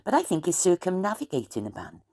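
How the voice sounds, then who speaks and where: Low-voiced South Welsh woman rambling. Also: wildly swooping pitch, fast, dark tone. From South Wales. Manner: chatty, wandering, aggrieved asides. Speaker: vlogger. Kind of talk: rambling late-night chat to camera.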